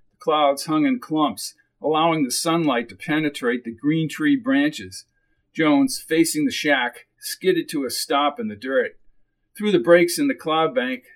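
A man reading a crime novel aloud as audiobook narrator, steady and measured. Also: fairly high pitch, rough recording. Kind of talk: scripted narration.

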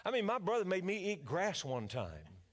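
An older pastor with a Louisiana accent preaches a sermon in a folksy, joking style. His voice sits high for a man, and he speaks to the congregation as a storyteller. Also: huge pitch swings, normal speed.

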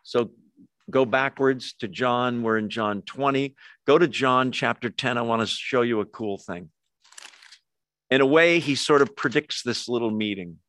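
A man preaching a sermon as a pastor, swinging between emphatic lines and hushed ones. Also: mid-range voice, unhurried, no echo.

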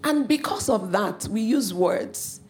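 Animated woman preaching from Africa. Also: fairly high pitch, takes it slowly, soft background music. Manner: animated, acts out quoted voices, playful asides. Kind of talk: sermon.

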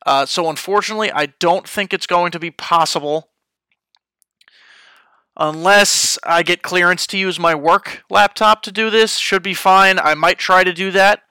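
Man, podcast host, fairly high voice, bright and crisp, dry close mic, casual rambling chat. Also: moderate pace, dry recording. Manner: chatty, off the cuff, frequent fillers. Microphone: headphones and studio mic.

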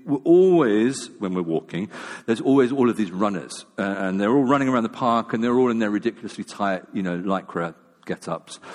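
A man preaches a sermon in a low voice, chatty and self-deprecating, often stumbling over his words and restarting. His voice carries a long reverb, like a large church hall. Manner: conversational and self-deprecating, with many fillers and restarts. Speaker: pastor.

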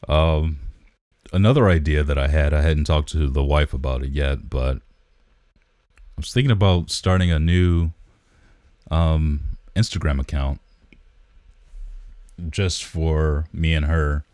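Very deep-voiced man, rambling casual chat. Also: slow pace, pauses often, a little mellow, no room sound, studio quality. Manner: laid-back, rambling with fillers. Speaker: podcast co-host.

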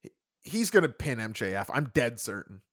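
A man hosting a wrestling review show in casual chat, animated and emphatic. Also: mid-range voice, moderate pace, no room sound, clean studio sound. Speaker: podcast host reviewing wrestling.

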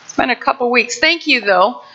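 A woman's voice: on the high side, lively intonation, normal speed, bright, forceful tone. An older woman pastor giving a heartfelt, conversational sermon with many restarts. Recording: muffled lo-fi recording.

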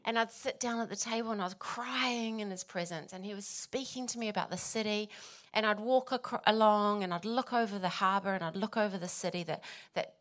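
A woman's voice: mid-range voice, steady tone, fairly quick, a bit bright. Emotional New woman giving testimony. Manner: emotional, laughing between phrases. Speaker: pastor's wife. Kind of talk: personal testimony.

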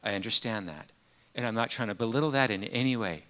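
A man preaching a sermon, telling a personal story earnestly with many pauses and fillers. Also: fairly low pitch, pushed and bright.

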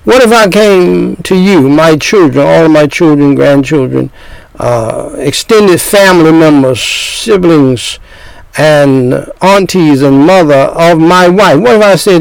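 Older man, preacher, high-pitched and gravelly, scolding sermon, dry close sound. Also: slow pace, no echo, low-quality recording. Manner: scolding, repetitive, full of rhetorical questions.

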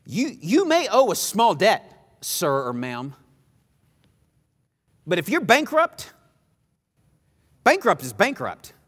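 A man preaching a sermon, emphatic and repetitive, swinging between loud pleas and hushed lines. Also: high voice, huge pitch swings, takes it slowly, pauses often, slightly rough, big-room sound.

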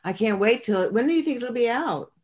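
Lively, encouraging interviewer. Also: medium pitch. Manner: encouraging, quick to laugh. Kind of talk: casual interview.

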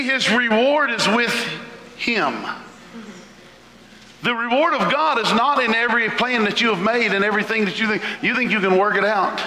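A man preaching a sermon as pastor, fervent, shouting out lists and leaping up in pitch. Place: church sanctuary. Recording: echoey hall.

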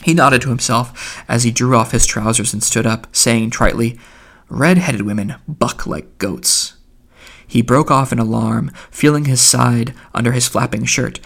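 A man reading a literary novel aloud as an audiobook narrator, in a measured, even delivery. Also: mid-range voice, vocal fry.

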